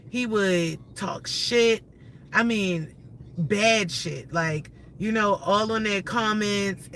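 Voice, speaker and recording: Woman streamer, bright tone, profane, excitable rambling rant. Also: medium pitch, a little hiss or hum, poor audio. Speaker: livestream host. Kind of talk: casual ranting livestream.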